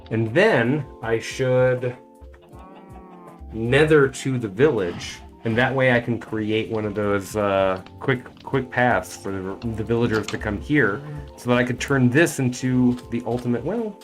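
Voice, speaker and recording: A man's voice: medium pitch, measured pace, soft background music. A man streaming a game and chatting casually, thinking aloud as he plays. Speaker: streamer and voice actor.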